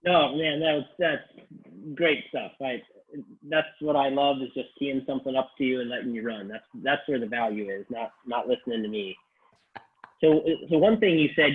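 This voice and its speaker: Man on a tinny call line. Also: mid-range voice. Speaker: interview host. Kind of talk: casual interview chat.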